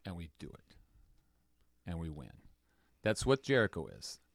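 A man's voice: low-pitched, moderate pace, dry recording. Guy running a bible study, voice jumps all over, dry sound, jokes around a lot. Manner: animated storyteller, jokes with the group. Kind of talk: casual Bible teaching.

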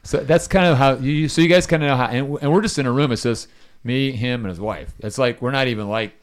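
A man's voice: medium pitch, a little fast. A middle-aged man leading a casual Bible study, telling a story and asking his listeners questions.

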